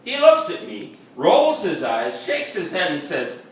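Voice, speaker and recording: A man's voice: a little high, wildly swooping pitch, unhurried. A man playing a boastful, folksy fisherman with a Wisconsin accent, telling a comic tall tale in ungrammatical backwoods talk at a live reading. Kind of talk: comic character monologue. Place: upstairs room of a bar at a live reading. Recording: echoey room, mic far off.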